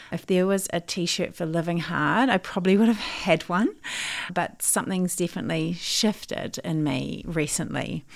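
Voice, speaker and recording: Woman coach from Australia, middle-aged, low voice, husky fry, reflective solo podcast. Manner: thoughtful, earnest, with occasional laughs.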